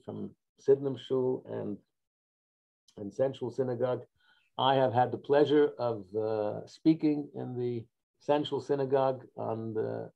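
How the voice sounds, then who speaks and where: A man with a dark, gravelly voice welcomes two congregations over a video call. He talks haltingly and keeps restarting his sentences. The sound is muffled and narrow. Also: mid-range voice. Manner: halting, many restarts and fillers. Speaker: rabbi hosting a joint congregation event.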